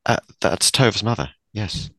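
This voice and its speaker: A man's voice: on the low side, animated, unhurried, fairly bright tone, no room sound. A man playing a polite, formal older woman who once served in the navy, in a tabletop game. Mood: courteous. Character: older woman, retired naval servicewoman.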